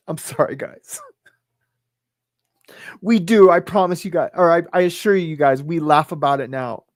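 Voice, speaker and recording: A man's voice: a little high, fairly even intonation, slow pace, pauses often, no room sound. A middle-aged man telling a personal story as a podcast guest, rambling with lots of "right?" and "like", emotional and close to tears.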